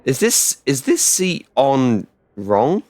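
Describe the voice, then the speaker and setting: A man chats loosely while streaming a space game, his voice swinging up and down with animation. He rambles between topics and breaks into loud excited outbursts. The sound is dry and close, with no room around it. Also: medium pitch, takes it slowly, dry recording. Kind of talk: casual live-stream chat while gaming.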